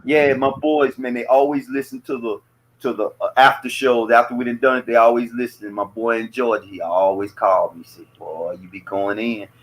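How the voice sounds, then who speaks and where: A man's voice: medium pitch, brisk, rough recording. Profane Southern man in loose chat. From American South. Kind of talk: casual podcast chat.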